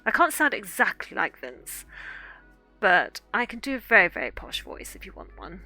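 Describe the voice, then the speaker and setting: A woman's voice: mid-range voice, very animated, normal speed, bright, forceful tone, soft background music. A middle-aged woman author in casual livestream chat, chatty and effusive, thanking her viewers often. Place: small home room corner.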